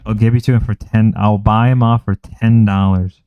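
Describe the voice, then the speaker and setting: On a narrow, tinny recording, a man hosts a livestream, his fairly low voice smooth and steady at a normal speed. A native Spanish speaker, he rambles through casual, joking chat with his viewers and slips into mock voices along the way.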